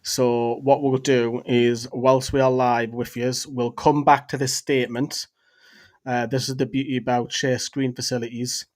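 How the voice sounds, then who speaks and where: Man, livestream host, steady and plain, flat intonation, mid pitch. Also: a little slow. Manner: steady, reads breaking news aloud from screen. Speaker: fan channel host. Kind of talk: casual livestream football chat.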